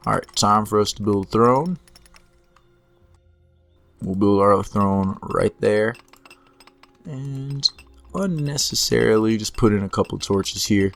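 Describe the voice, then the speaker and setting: A slow, unhurried man with a lowish, gravelly voice, narrating his own game as he plays it. He is losing his voice, and he talks each move through half to himself at a desk mic with keyboard clicks nearby. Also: a bit bright. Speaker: gameplay commentator. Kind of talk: relaxed let's-play commentary.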